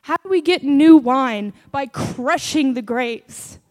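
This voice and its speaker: A woman delivers a sermon in a high voice. She speaks earnestly, mixing scripture with her own testimony. At times she rises into fervent prayer. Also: slow, darkish tone. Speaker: preacher.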